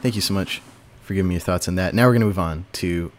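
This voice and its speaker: A man's voice: low-pitched, fast. A man hosting a casual podcast chat, talking loosely with fillers and frequent laughs. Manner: chatty, laughs often, fillers. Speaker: podcast host.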